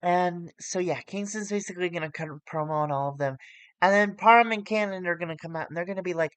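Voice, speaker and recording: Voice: medium pitch, fairly quick, fairly bright tone, smooth, no room sound. A streamer giving casual, rambling commentary with self-corrections while playing a wrestling management game on a close mic.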